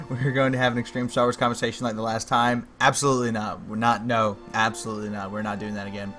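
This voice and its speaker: A male game streamer reads the story text aloud in a measured way, then drops into casual, wry jokes. His voice sits at an ordinary middle pitch. Faint music plays underneath. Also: level tone, fairly bright tone. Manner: jokey, wry asides. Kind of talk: livestream gameplay commentary, reading game text aloud.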